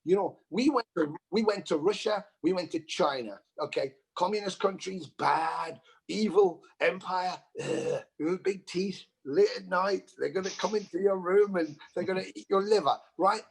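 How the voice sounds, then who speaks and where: A middle-aged man with a husky, somewhat high voice. He tells stories in a loose, rambling way and circles back to repeat himself for emphasis. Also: normal speed. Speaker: band member guest. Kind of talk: casual storytelling.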